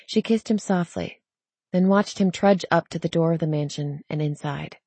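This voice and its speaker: Calm mellow woman narrator. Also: low voice, moderate pace, husky, no room sound. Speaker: audiobook narrator. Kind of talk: scripted narration.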